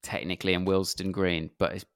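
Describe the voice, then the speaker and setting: Low-voiced man telling rambling anecdotes. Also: level tone, fast, smooth, dry recording, clean studio sound. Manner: self-deprecating, rambling anecdotes. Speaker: comedian guest. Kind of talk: casual interview chat.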